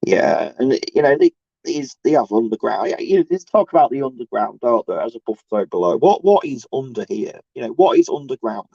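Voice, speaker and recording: A man rambles through a casual livestream rant, stopping and restarting his thoughts and slipping into sarcastic mocking bursts. His voice is dark and mellow. The recording is dull and lo-fi, with a dry, close sound. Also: sing-song, vocal fry, husky, dry recording. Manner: halting, restarts often, mocks others in sarcastic high bursts.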